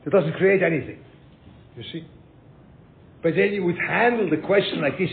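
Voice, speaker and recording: Older male rabbi, a touch high-pitched, animated lecturer who repeats himself; echoey room over a tinny line. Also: fairly quick. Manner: animated, repeats words, mixes in Yiddish and Hebrew terms. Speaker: rabbi teaching a class. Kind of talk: lecture with questions from students. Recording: phone-like echoey room with faint rumble.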